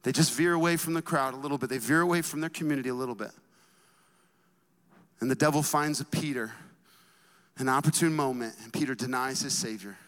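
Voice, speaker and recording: A man preaching a sermon as a pastor, talking to the congregation in an energetic, conversational way with casual asides. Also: medium pitch, brisk, long pauses, in a large hall.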